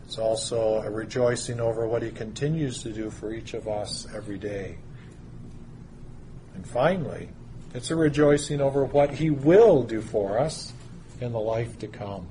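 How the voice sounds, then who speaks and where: A man preaching a sermon, teaching through a Bible passage in a measured way with pauses and stressed words. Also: mid-range voice, dark tone, slight background noise.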